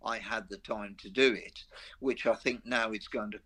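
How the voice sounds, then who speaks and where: A man's voice: on the low side, fairly even intonation, normal speed, fairly bright tone. An older man with a Black Country accent, a veteran rock guitarist chatting as an interview guest, rambling through anecdotes with self-mocking humour. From Black Country, English Midlands. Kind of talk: casual interview chat.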